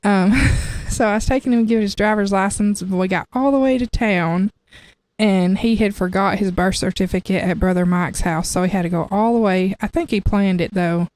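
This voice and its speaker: A woman sharing her testimony in an easygoing, chatty way. She laughs often and keeps restarting her sentences as she talks. Her voice sits at an ordinary middle pitch. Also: normal speed, a little mellow. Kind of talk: casual testimony storytelling.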